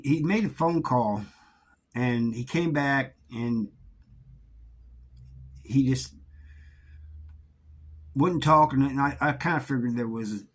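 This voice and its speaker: A middle-aged man telling a story from his time in prison in a casual, halting way, often repeating words. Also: medium pitch, breathy edge. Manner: halting, repeats words, drawling Southern-sounding grammar.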